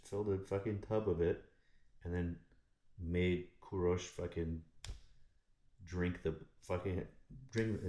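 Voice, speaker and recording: A man telling a story in casual, profane chat, animated and rambling with frequent swearing. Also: sits low, takes it slowly, long pauses. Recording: echoey room.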